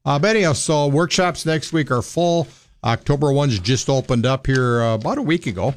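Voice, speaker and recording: A man's voice: medium pitch, lively intonation, a little fast, a little hiss or hum. A man in his sixties with a Minnesota accent, a financial advisor talking plainly and bluntly on a radio show. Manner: folksy, blunt, plain-spoken. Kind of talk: casual radio talk.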